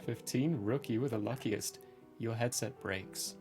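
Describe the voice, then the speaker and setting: Calm male game master narrating horror. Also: medium pitch, measured pace, over music. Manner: calm, matter-of-fact rulings and narration.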